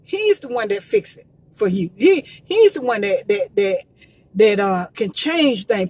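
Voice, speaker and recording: In a medium-pitched, sing-song voice that's darkish and slightly rough, a Columbus, Georgia woman talks at a measured pace on a live phone stream from her roadside car. She's emotional, close to tears, promoting gospel quartet music in a repetitive, emphatic, preachy way.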